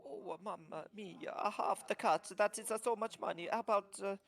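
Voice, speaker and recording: A man's voice: high voice, lively intonation, brisk, pushed and bright, pitched above the performer's own voice, exaggerated voice. A man, the game master, voicing a small anxious male kobold trader with a mock Italian-style accent, stammering and pleading. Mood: bargaining.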